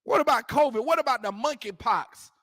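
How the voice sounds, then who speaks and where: A man's voice: very high voice, expressive, brisk, a bit bright, no room sound, clean studio sound. A man teaching a scripture class, preaching emphatically in colloquial street talk and repeating his points. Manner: emphatic, repetitive, prompts reader to go ahead.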